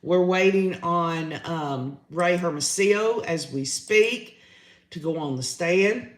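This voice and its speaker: A man's voice: fairly high pitch, takes it slowly, a bit bright, reverberant. A man, hosting a livestream, giving his opinions in a chatty way and reading out viewer comments. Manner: chatty, opinionated, says y'all often. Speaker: livestream host reading chat.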